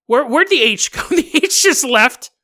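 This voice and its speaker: A man hosting a comedic podcast monologue, talking in an animated, mocking way and laughing often as he reads. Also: very high-pitched, a little slow. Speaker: podcast host.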